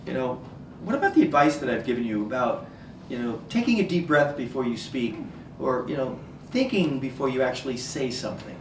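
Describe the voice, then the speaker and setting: In a community theater comedy, a man plays a coaxing group therapist who praises small progress, shifting from soothing to overly enthusiastic. His mid-range voice is animated and fairly quick, lightly acted, with slight background noise and an echoey stage picked up from far off.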